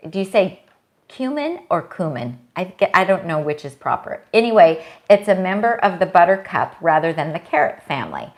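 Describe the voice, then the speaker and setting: A middle-aged woman co-hosting a casual live chat, chatty and reading aloud from a book with small stumbles. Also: lowish voice. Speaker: co-host.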